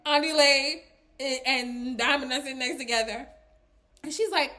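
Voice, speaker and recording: A woman giving a casual, chatty recap of a reality show, animated and full of fillers, often breaking into laughs. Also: high-pitched, moderate pace. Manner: laughs while talking. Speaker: recap vlogger.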